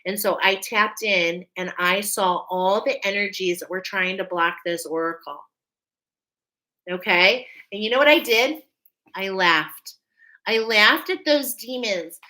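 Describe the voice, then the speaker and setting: Woman card reader going live: bright, emphatic delivery, emotional, preacher-like, always checking in with listeners. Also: mid-range voice, poor audio. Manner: emphatic, checks in with "okay?" constantly. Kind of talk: live oracle card reading.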